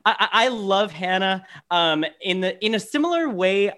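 A man's voice: sits high, animated, normal speed, fairly bright tone. A man, an actor and comedian guesting on a podcast, talking with enthusiasm and stammering restarts. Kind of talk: casual chat.

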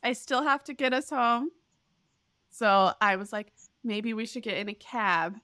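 Animated storytelling woman, dry close mic. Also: unhurried, no echo. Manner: animated storyteller, acts out voices with big pitch jumps. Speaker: podcast co-host. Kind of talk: casual chat, storytelling.

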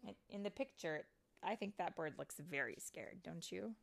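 A mother reading a picture book aloud to her child, slow and expressive, often sinking to a whisper. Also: lowish voice, creaky.

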